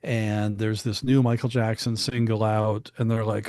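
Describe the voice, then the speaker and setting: A man's voice: lowish voice, level tone, normal speed, hardly any pauses, warm tone, dry recording. A man being interviewed as a guest, telling stories about studio work in a casual, chatty way, with frequent restarts and asides. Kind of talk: casual anecdotal storytelling.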